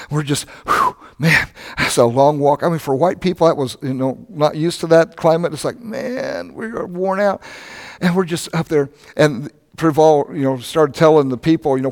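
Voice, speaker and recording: Older guy preaching, chatty storytelling, echoey hall. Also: on the high side. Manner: conversational storytelling preacher, animated asides. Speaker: pastor. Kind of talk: sermon.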